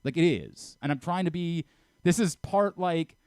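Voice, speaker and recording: A man's voice: a little high, moderate pace, darkish tone, no room sound. A man hosting a sports radio show, arguing heatedly and lecturing his co-host, with stammering restarts. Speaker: radio host and programming director.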